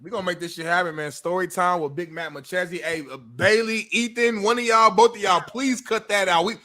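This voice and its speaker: High, bright, animated male co-host, slangy and quick to react. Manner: excitable, slangy, reacts loudly. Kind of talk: casual sports talk.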